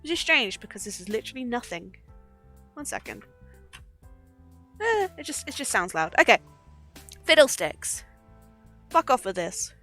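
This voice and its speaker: A woman's voice: a little high, sing-song, normal speed, pauses often, bright, forceful tone, soft background music. A young woman chatting casually on a livestream, giggly and swearing freely. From Britain. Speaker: streamer.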